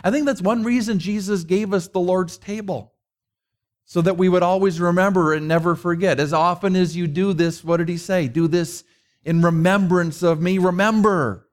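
A man's voice: high-pitched, steady tone, moderate pace. A middle-aged man preaching a conversational sermon, mixing rhetorical questions with personal stories. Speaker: pastor.

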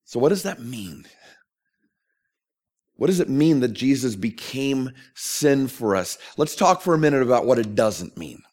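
A man's voice: medium pitch, big pitch swings, a little slow, a little mellow. A man preaching a sermon as a pastor, earnest and emphatic, asking questions of his listeners.

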